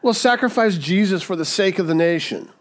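Male preacher, fairly high voice, casual and emphatic, keeps asking "right?". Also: expressive, fairly quick. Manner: conversational, emphatic, with frequent "right?" asides. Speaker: pastor. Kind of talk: sermon.

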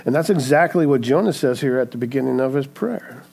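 A man's voice: medium pitch, animated, fairly quick, creaky, a little mellow, breathy edge. A man preaching a sermon in an earnest way, often checking in with "right?". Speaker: pastor.

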